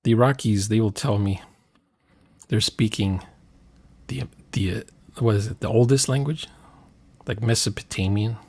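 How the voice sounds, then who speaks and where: A man with a fairly low voice talks loosely about tabletop role-playing, in a relaxed, rambling way. He drifts between thoughts and fills the gaps with small hesitations. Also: moderate pace, pauses often, slightly rough, dry recording. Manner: rambling, relaxed, trails off with fillers. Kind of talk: casual chat about role-playing games.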